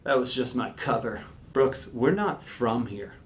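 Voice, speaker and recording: A man voicing his father as a dead-serious, hushed, low-voiced man claiming to be an alien. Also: expressive, measured pace, slight background noise, close to an everyday voice. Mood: eerie, hushed. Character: eerie deadpan dad claiming to be alien.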